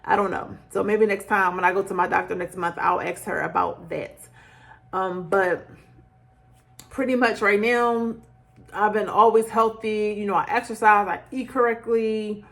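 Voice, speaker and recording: A middle-aged woman telling her own story to camera in a chatty, animated way, full of fillers and acted-out quotes. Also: medium pitch, normal speed, creaky. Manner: chatty and animated, acts out quoted lines with laughter; conversational, frequent fillers like "like" and "child". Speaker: beauty vlogger.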